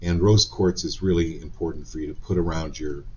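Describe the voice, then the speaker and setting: Deep-voiced man giving gentle card readings. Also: steady tone, fairly quick, dull audio, slight background noise. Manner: gentle, encouraging, with frequent ums and restarts. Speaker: psychic card reader. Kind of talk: live-stream reading to chat viewers.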